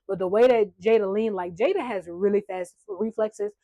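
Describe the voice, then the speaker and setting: A woman's voice: mid-range voice, moderate pace, mellow, no echo. A woman giving a casual reality-show recap, chatty, blunt and sarcastic, swearing freely. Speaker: recap vlogger.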